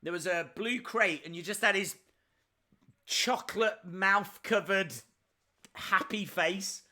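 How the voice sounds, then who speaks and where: A man's voice: high voice, slow, bright, forceful tone. A man hosting a live reaction stream, chatting and answering viewer questions as they come in.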